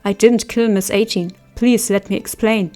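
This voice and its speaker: An earnest young man, falsely accused, speaks low and steady as he asks to be heard, voiced by a woman in an audiobook. He stays restrained rather than shouting. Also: normal speed, soft background music, lightly acted.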